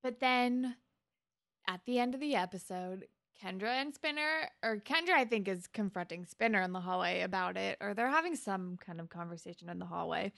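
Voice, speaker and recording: A woman co-hosting a podcast, casually recapping a TV episode with animated retelling, dry jokes and casual swearing. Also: medium pitch, normal speed, gravelly, no echo. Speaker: podcast co-host.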